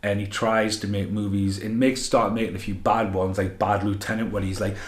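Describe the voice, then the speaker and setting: A man rants through a film review in a loose, rambling way, swearing often and getting worked up as he goes. His voice sits a little low. The sound bounces around an echoey room. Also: a little fast. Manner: rambling, profane, excitable. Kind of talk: unscripted ranting film review.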